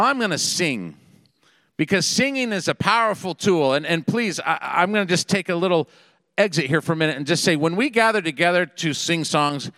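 A middle-aged man preaching a sermon, telling a personal story in an animated, conversational way. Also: a little high, dry recording, big-room sound. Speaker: pastor. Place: Seattle area.

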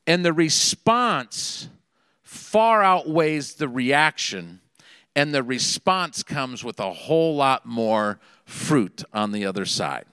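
A middle-aged man preaching a sermon, telling a personal story in an animated, conversational way. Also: on the high side, takes it slowly, smooth, no echo, long reverb tail. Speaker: pastor. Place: Seattle area.

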